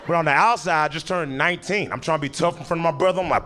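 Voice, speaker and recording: A man's voice: on the high side, very fast, few pauses, sharp tone. A young man doing a laid-back, chatty stand-up set on a club stage, slipping into voices for people in his stories. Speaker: stand-up comedian. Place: comedy club stage before a live audience. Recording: live audience noise, background hum. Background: audience laughter and clapping.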